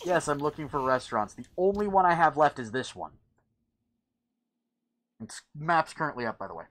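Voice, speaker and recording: A man chatting casually while playing a game, swearing often and getting frustrated quickly. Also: fairly high pitch, expressive, fairly bright tone. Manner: swears a lot, easily frustrated. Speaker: gamer. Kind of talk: casual gaming chat.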